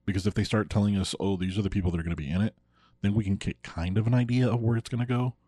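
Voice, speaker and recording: A man's voice: fairly low pitch, steady tone, dark tone, husky, no room sound, clean studio sound. A man co-hosting a casual movie podcast, returning again and again to "the thing about it, though.". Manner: talks fast with restarts and repeated "the thing about it, though". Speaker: podcast co-host. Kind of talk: casual chat.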